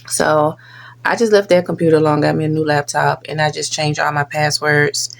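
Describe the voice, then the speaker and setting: A woman's voice: low voice, fairly even intonation, moderate pace, vocal fry. A woman hosting a reaction video, talking casually and earnestly warning her viewers.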